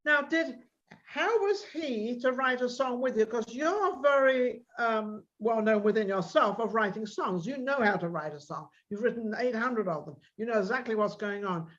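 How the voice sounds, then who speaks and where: A woman's voice: fairly high pitch, moderate pace, dull audio. A woman hosting an internet TV interview show, chatting energetically with frequent restarts. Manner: energetic, talks in restarts and asides. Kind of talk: casual interview chat.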